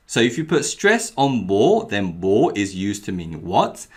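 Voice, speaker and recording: A young adult man giving a clearly paced, scripted language lesson, repeating each example phrase carefully. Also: lowish voice, big pitch swings, normal speed, few pauses. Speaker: Korean language teacher.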